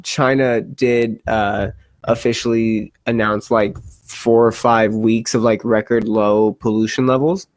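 A man's voice: lowish voice, little pitch movement, unhurried, dry recording, studio quality. A man hosting a casual podcast, joking and swearing as he chats with his co-host. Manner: joking, profane, laughs often.

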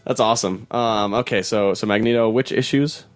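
A man's voice: fairly low pitch, steady tone, moderate pace, dry recording. A man hosting a casual comics chat, laid-back, laughing often and trailing off into fillers. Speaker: podcast host.

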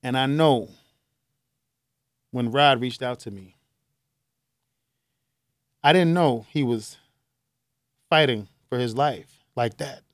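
A man's voice: mid-range voice, dry recording, studio quality. Grieving radio host, a man from Chicago. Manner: earnest, grieving, rambling with restarts. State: choked up. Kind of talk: emotional talk-show monologue.

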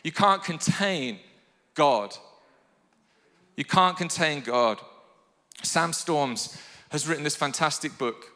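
A male pastor preaching with a high, bright voice. His delivery swings between quiet reflection and loud, fervent calls to the congregation, all carried on the long reverb of a church hall. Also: expressive, slow pace, long pauses. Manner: passionate preaching, rising to shouted calls to the online congregation. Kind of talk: sermon.

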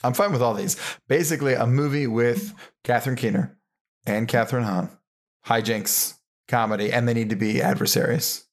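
A man's voice: medium pitch, moderate pace. A man co-hosting a podcast in a casual chat, joking in a dry way. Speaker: podcast co-host.

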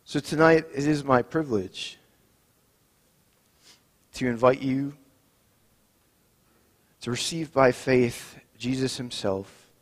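A man leading a communion service as pastor, reading Scripture and praying in a measured, solemn way. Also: mid-range voice. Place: church sanctuary. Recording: long reverb in a church.

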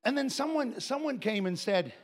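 A male preacher giving a sermon, swinging between quiet, joking asides and shouted proclamations. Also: very high voice, expressive, normal speed. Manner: folksy, joking, with laughter.

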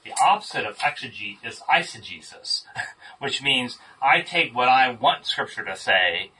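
A man's voice: medium pitch, expressive, a little slow, sharp tone, breathy edge. A man leading a casual group Bible study, thinking aloud and stressing key words. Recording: distant mic with faint room noise.

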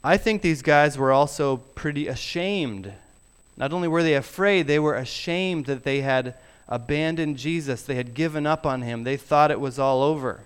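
A middle-aged man preaching a sermon, emphatic and deliberate, sometimes dropping his voice very low. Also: clean tone. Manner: slow, emphatic preaching with soft drops to near whisper. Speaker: pastor.

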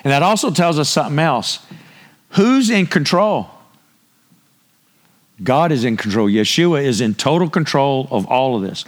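A man's voice: medium pitch, animated, normal speed, long pauses. A man preaching a sermon, speaking emphatically and posing rhetorical questions to the congregation. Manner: draws listeners in with repeated cues.

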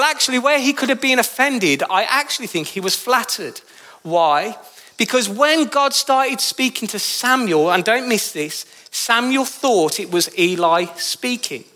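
High, bright Brummie preacher. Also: male voice. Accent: Birmingham. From Birmingham, England. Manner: emphatic storytelling with rising pitch on key phrases. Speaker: pastor. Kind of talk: sermon. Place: church.

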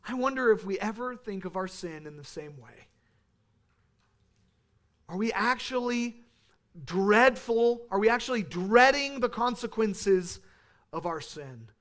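A man in his thirties preaching a sermon, earnest, rising to emphatic peaks and falling back to quiet. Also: very high voice. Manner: earnest, building to emphatic peaks then dropping soft.

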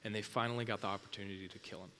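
Low voiced pastor, punchy sharp tone, repeats himself for emphasis, goes loud then hushed. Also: male voice, fairly even intonation, rapid-fire, slight background noise. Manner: intense, repetitive emphasis, swings from loud to hushed. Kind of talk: sermon.

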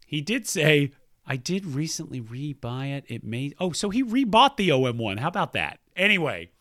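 Animated man reading listener mail. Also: on the high side, normal speed, no room sound, clean studio sound. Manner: animated, laughs often, playful. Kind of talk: casual chat.

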